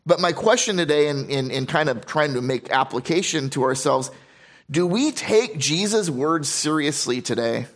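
A man delivers a sermon in a voice pitched a little high. He reads scripture aloud, then breaks off to explain it, repeating key phrases for emphasis and restarting his sentences. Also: lively intonation, normal speed, fairly bright tone. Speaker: pastor.

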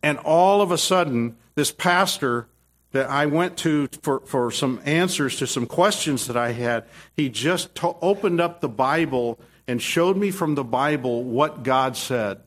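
A man's voice: on the high side, lively intonation, unhurried, fairly bright tone. A middle-aged man preaching a sermon with emphatic, repetitive phrasing and frequent restarts. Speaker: pastor.

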